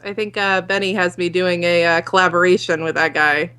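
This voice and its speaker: A woman's voice: lowish voice, little pitch movement, a little fast, pushed and bright, clear, resonant tone. A woman on a podcast, telling stories in an easygoing way. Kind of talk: casual chat.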